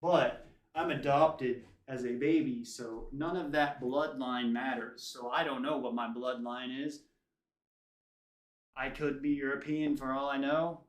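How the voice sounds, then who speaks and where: A man from the United States chats loosely with his stream audience, wandering between tangents as he goes. His voice sits at an ordinary middle pitch. The recording carries a noticeably roomy echo. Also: fairly even intonation, a little slow. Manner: rambling, tangent-prone. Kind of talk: casual chat with stream viewers.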